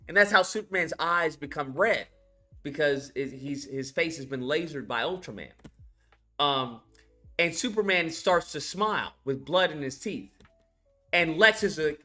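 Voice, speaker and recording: At a moderate pace and with soft background music, a man with a slightly high voice casually retells a film scene by scene as a reviewer. Swearing a lot and full of energy, he acts out the characters along the way.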